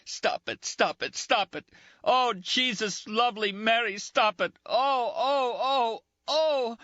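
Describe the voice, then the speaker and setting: A man's voice: very high voice, takes it slowly, pushed and bright, no room sound, voice pushed up, exaggerated voice. A man voicing a badly wounded young Italian soldier who screams prayers in agony, in a muffled dry recording. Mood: agonized.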